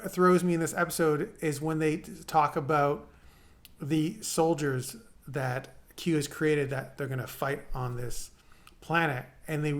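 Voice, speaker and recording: A podcast co-host reviewing an episode in casual chat, talking in an animated way. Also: mid-range voice. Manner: animated, acts out quotes.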